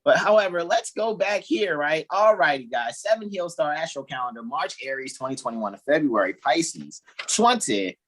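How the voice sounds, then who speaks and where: A man's voice: fairly high pitch, expressive, normal speed, hardly any pauses, a bit bright. A man hosting a casual group video call, joking around, laughing often and drifting into rambling asides. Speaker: host.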